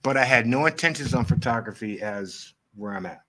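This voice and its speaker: Middle-aged male guest, lively storyteller, voices the people in his anecdotes. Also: medium pitch, brisk. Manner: animated, acts out quoted dialogue. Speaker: photographer guest. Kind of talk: storytelling interview.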